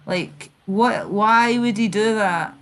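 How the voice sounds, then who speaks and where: A woman's voice: mid-range voice, slow pace, noisy background. Swearing Scottish woman, rambling chat. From Scotland. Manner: rambling, swears a lot, animated retelling. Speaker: channel host. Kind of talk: casual chat stream.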